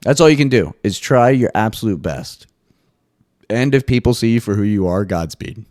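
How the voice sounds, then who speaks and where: A man hosting a casual solo podcast monologue, swearing freely and jumping into high mock voices now and then. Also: expressive, moderate pace, darkish tone, dry recording, clean studio sound. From US East Coast. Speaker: podcast host.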